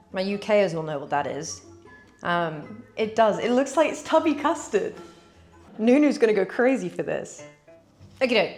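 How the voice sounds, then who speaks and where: A woman chatting casually to viewers as she bakes in a cooking vlog. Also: mid-range voice. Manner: chatty, talks to viewers while working. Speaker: cooking vlogger.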